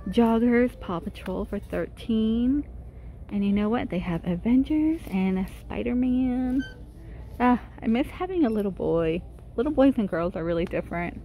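A woman's voice: a little high, lively intonation, moderate pace, mellow, slight background noise. A woman vlogging a casual shopping walkthrough in a big store, chatting about prices and gushing over cute items as she films on her phone. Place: inside a large retail store.

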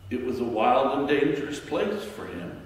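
A man minister giving a sermon in a church, speaking in a slow, reflective way with pauses. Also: medium pitch, expressive. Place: church sanctuary. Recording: echoey church hall from far off.

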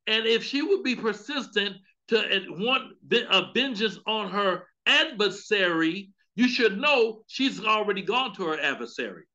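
A man preaching a sermon at a Bible study, telling a comic story with lively outbursts. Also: sits high, a little slow, few pauses, highs cut off. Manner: animated, comedic storytelling with outbursts. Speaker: pastor.

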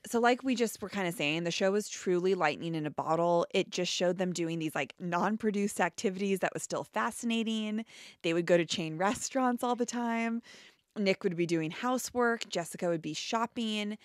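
A young woman co-hosting a podcast in casual chat, talking in quick asides full of "like". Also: mid-range voice, dry recording, clean studio sound. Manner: chatty, quick asides with filler "like". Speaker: podcast co-host.

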